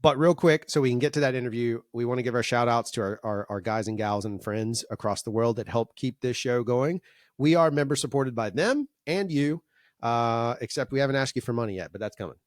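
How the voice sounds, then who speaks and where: A man hosts a podcast in a loose, bantering way, laughing easily and drifting into rambling asides. His voice sits at an ordinary middle pitch. The recording is close and dry, with no room echo. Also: expressive, brisk. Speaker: podcast host. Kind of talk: casual joking chat.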